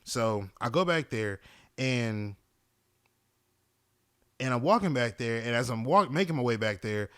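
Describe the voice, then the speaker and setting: A young man recounts his day on a podcast, animated and full of swearing. His pitch is mid-range for a man, and his pace swings as he vents and repeats himself. He sounds casual and conversational throughout. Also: a little slow, long pauses, clean tone. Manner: animated, profane, venting. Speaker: podcast host. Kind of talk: casual storytelling.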